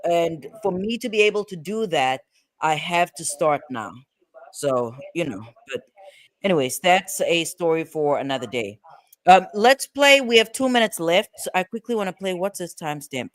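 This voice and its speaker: A man's voice: on the high side, expressive, normal speed, a bit bright. A man hosting a casual show about court cases, chatty and rambling with fillers and restarts. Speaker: host.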